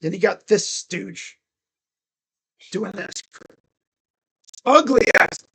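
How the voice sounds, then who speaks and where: A man's voice: high-pitched, animated, very slow, vocal fry, pushed and bright, husky. A man vlogging as a sports fan, ranting in an exasperated, mocking way with swearing. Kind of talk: casual sports rant.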